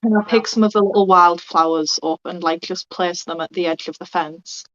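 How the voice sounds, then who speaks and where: A woman's voice: lowish voice, steady tone, normal speed, fairly bright tone. A woman playing in a tabletop role-play, speaking hesitantly and stammering. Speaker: player. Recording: dull lo-fi mic.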